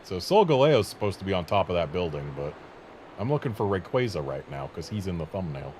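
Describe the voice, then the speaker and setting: Lively American man rambling while gaming. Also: sits low, fairly quick, a little hiss or hum. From United States. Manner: rambling, chatty tangents. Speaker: video game streamer. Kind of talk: casual gameplay commentary.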